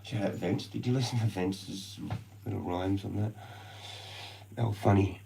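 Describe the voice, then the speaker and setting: A man's voice: low voice, moderate pace, vocal fry, mellow, slight background noise, rough recording. An Australian man ranting casually on a live stream, rambling and swearing constantly in slang.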